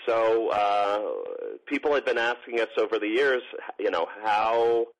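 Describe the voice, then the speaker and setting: Male guest, low-ish register, rambly and loose, lots of fillers, radio interview feel. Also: steady tone, measured pace, rough recording. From grew up partly in Morocco. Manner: rambling, many restarts and fillers, chuckling. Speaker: guest, parkour organization co-founder. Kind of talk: casual interview chat.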